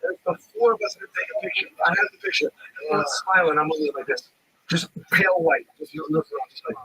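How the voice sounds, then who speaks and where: A man in casual chat, retelling a story in an animated way, swearing freely and acting out what others said. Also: high voice, quick pace, vocal fry, slightly rough, no room sound, low-quality recording. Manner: animated, swearing, acts out quotes. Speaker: livestream host.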